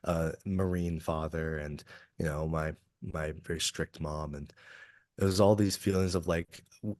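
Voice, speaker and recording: A man's voice: a bass voice, fairly even intonation, a little slow, a little mellow, dry recording, clean studio sound. A man from Kentucky, an executive coach talking earnestly and reflectively as a guest in a podcast interview. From Kentucky, USA. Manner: earnest, reflective, open about feelings.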